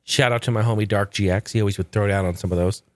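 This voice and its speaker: A man's voice: fairly low pitch, steady tone, fast, no echo. Rambling, profane male podcast host. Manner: loose, rambling and profane, chuckling often. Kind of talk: casual podcast chat.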